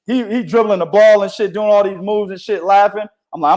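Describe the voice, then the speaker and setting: Here a man with a higher-sitting voice speaks at a moderate pace while co-hosting an easygoing boxing podcast. He tells lively stories, swearing heavily and leaning on slang.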